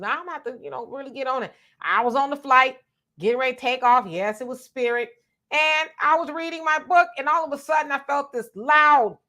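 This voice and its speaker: A woman with a fairly high voice, from Southern California, co-hosts a live stream. She chats casually and directly with her viewers. She tells her stories with animated energy. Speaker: co-host of a live stream show.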